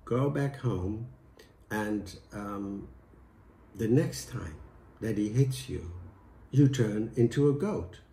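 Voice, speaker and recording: A man voicing a sly, sanctimonious old village priest who talks in a hushed, preachy way. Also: on the low side, expressive, slow pace, vocal fry, long pauses, full character voice. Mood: solemn. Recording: echoey room.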